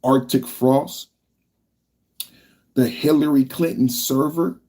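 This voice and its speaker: Husky man ranting on a livestream. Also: medium pitch, steady tone, slow pace, dark tone. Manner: ranting, repetitive, talks to chat. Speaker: podcast host. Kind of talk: livestream political commentary.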